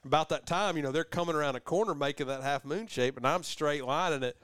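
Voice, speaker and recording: Fairly high-pitched, clear and resonant, this middle-aged man's voice moves fast, captured in studio quality with no room sound. As a podcast host he rambles through a long story in casual chat, voicing quoted people with animation.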